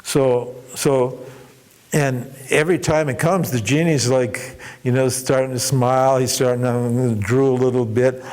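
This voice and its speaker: A man teaching at a spiritual workshop, telling a parable with animated delivery and frequent restarts. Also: medium pitch, a little slow. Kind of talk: storytelling in a workshop talk.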